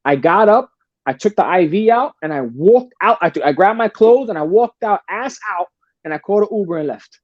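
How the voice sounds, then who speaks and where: A man's voice: high voice, lively intonation, a little fast, no echo, lo-fi sound. A man telling stories as a podcast guest in blunt, profane casual talk, often calling the host brother. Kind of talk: casual storytelling.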